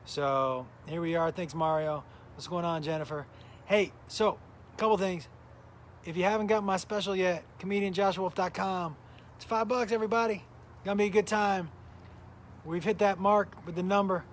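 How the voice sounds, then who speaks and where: A middle-aged comedian talks in a loose, rambling way, stopping his own story to greet viewers. His voice sits a little high for a man and sounds worn and tired. A faint hum of noise runs behind him. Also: normal speed. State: tired, recovering from illness. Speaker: comedian hosting a live smoking stream. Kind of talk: casual live-stream chat and storytelling.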